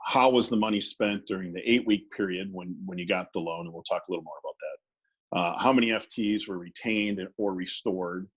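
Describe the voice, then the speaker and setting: A man's voice: low-pitched, fairly quick, slightly rough, dull audio. A man who works as a business lawyer, presenting a webinar in a conversational way with many fillers and restarts.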